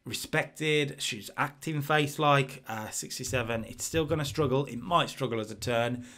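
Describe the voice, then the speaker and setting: A man with a medium-pitched, pushed and bright voice casually commentates his own let's-play of a wrestling management game at a moderate pace. He's chatty, restarting sentences and using fillers as he reads out the scores.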